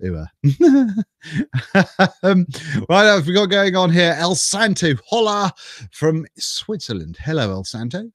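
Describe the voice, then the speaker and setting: A middle-aged man hosts a live stream from home, greeting viewers one by one in a chatty, self-mocking way. His voice sits a little high. The webcam sound is dry and close. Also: huge pitch swings, slow pace, long pauses, a bit bright, no room sound. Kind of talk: casual live stream chat.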